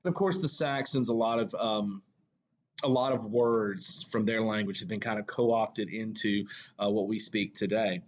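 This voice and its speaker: In this recorded lecture, a Southern-accented high school English teacher talks in a casual, conversational manner, often using fillers and correcting himself. He has a lowish voice and keeps a moderate pace.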